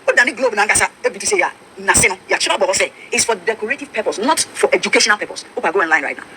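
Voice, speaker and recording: Ghanaian lady pastor talking super fast, very bright, lively voice, bit of faint noise. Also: medium pitch. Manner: emphatic, mixes English and Twi. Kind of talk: preaching talk-show discussion.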